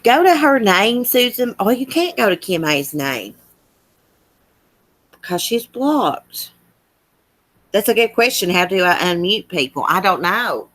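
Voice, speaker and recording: A woman's voice: medium pitch, very animated, measured pace, long pauses, fairly bright tone. A woman with a Southern US accent, hosting a livestream in casual chat and answering comments in a chatty, countrified drawl. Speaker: livestream host.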